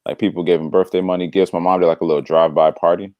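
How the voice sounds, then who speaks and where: A man in casual conversation telling a story, animated and slangy, acting out the voices of the people in it. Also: deep voice, rapid-fire, dry recording, muffled recording. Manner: slangy, drops "bro". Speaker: devotional podcast co-host.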